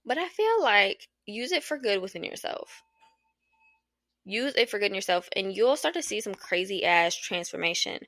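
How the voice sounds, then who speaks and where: Frank, swearing woman with a gravelly fry. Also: mid-range voice, expressive, moderate pace, a bit bright, no room sound, clean studio sound. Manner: frank, swears freely, laughs often. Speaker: podcast host. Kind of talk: casual solo podcast chat. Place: at home in an apartment.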